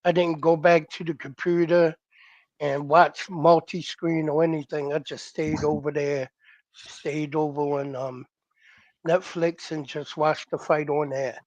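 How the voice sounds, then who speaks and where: A man co-hosting a casual boxing chat, breaking down fighters in a loose, halting way. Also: fairly high pitch, flat delivery, no room sound, poor audio. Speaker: boxing show co-host.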